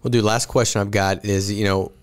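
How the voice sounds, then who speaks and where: A man hosting a podcast, asking his guest questions in relaxed, casual conversation. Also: lowish voice, fairly quick, smooth. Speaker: podcast host. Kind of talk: casual interview chat.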